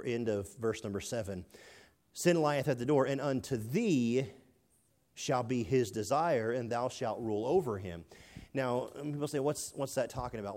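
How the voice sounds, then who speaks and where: A man's voice: fairly low pitch, a little mellow. A man preaching a sermon, reading old scripture and explaining it in an earnest, questioning way, often repeating himself as he thinks aloud. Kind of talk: expository sermon.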